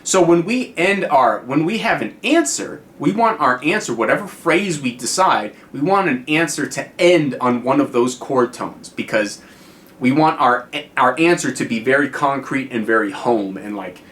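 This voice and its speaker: A man's voice: medium pitch, lively intonation, normal speed, fairly bright tone. An American man giving a casual guitar lesson on video, chatty and full of fillers, often checking in with "right?". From United States. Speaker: guitar teacher.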